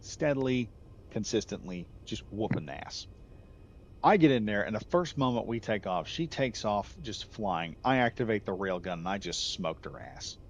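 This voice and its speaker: A man's voice: fairly low pitch, expressive, moderate pace. A middle-aged man telling a casual, rambling story as a gaming channel host. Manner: rambling, self-correcting, laughs at own jokes. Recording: slightly muffled with faint background noise.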